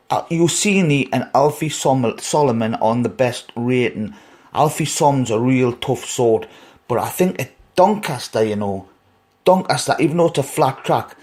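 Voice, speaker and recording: A man's voice: medium pitch, darkish tone. A man with a Geordie accent hosting a solo racing podcast, giving opinionated, rambling tips full of fillers and restarts. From North East England. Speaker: racing tipster podcast host. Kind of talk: casual solo podcast, race preview.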